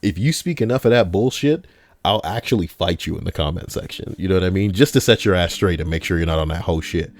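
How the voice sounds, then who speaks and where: A man's voice: deep voice, fast. A man casually reading online stories on a livestream, rambling and joking with crude, profane asides. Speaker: YouTube reader and streamer. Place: home recording room.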